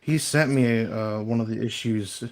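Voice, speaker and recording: A man's voice: fairly low pitch, a little slow. Enthusiastic joking man in casual chat. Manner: enthusiastic, jokey, exaggerated threats for laughs.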